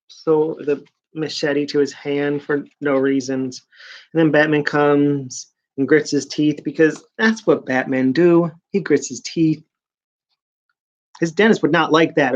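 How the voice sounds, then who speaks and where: A man with a fairly high voice gives a sarcastic, rambling recap of comic stories, cutting in with deadpan jokes. The sound is dull and lo-fi. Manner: mocking, rambling, deadpan asides. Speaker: comic book reviewer.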